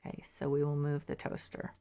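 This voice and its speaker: A woman streamer with a low, gravelly voice chats casually with her viewers as she plays. She thinks aloud and drops mildly exasperated asides. She sounds a little sleepy. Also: monotone, a little fast, mellow. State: sleepy, yawning. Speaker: game streamer. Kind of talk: casual gameplay commentary.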